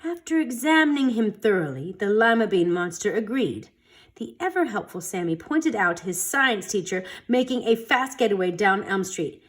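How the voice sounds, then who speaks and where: A woman reading a children's storybook aloud in an expressive, dramatic storytelling manner. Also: medium pitch, normal speed. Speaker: storytime reader.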